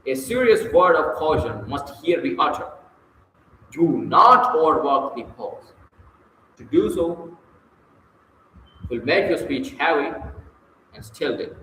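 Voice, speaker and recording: Slow, deliberate male reader. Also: a little high, fairly bright tone, reverberant, long reverb tail, slight background noise, rough recording. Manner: slow, deliberate reading with long pauses, occasional slips. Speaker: reader of a public speaking book. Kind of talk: reading a book aloud with recited verse.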